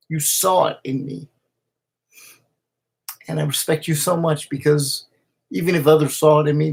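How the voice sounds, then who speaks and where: A man records a heartfelt video message straight into a camera, his voice gravelly and a little husky. He talks in an emotional, halting way, stopping and restarting as he goes. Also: medium pitch, a little mellow. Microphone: camera he speaks into.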